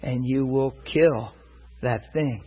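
A man delivers a sermon through a personal story, voicing both himself and the other man in the quoted talk. His voice is very husky and breathy, and he keeps checking that his listeners are following him. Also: medium pitch, slow, a little mellow, rough recording. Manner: retells a personal story, quoting both sides; asks listeners if they follow. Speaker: preacher.

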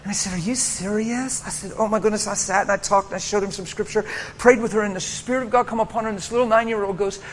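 A pastor telling a story in a sermon, animated and acting out voices, laughing often. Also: male voice, sits high, fast talker, a little hiss or hum. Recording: hall reverb, faint ambience.

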